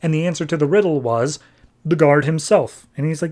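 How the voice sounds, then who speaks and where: A man hosting a podcast who recaps a comic book issue in loose, conversational narration. His voice sits a little higher than most men's. He throws in wry asides as he goes. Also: fairly quick, darkish tone. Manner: casual, wry, rambling. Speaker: podcast host.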